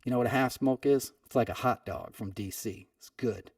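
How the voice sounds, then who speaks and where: A man's voice: mid-range voice, a little fast, darkish tone, no echo, clean studio sound, recorded from a distance. A man hosting a podcast, telling a personal story in a conversational way and leaning on "you know" often. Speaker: podcast host. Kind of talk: storytelling monologue.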